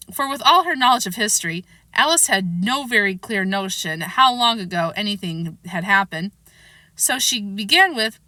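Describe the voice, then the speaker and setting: Woman reading a kids' classic aloud, bright and bouncy, close dry mic. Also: medium pitch, moderate pace, no room sound. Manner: lively, expressive reading. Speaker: storybook reader.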